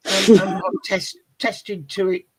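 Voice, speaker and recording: A woman's voice: mid-range voice, flat delivery, slow pace, crowd noise. A woman hosting a live online chat on a video call, chatty and self-mocking. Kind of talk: casual chat.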